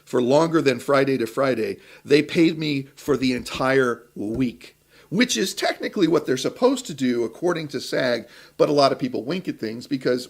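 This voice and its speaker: Creaky-voiced man telling a rambling story. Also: medium pitch, animated, normal speed, darkish tone. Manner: rambling storyteller, many fillers and restarts. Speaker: talk show co-host, actor. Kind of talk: casual anecdotal chat.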